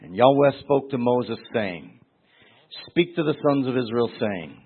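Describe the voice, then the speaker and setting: A man's voice: medium pitch, lively intonation, a little slow, husky. Emphatic male Bible teacher, tinny sound. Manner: emphatic, repeats words, acts out quoted voices. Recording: tinny phone-like recording.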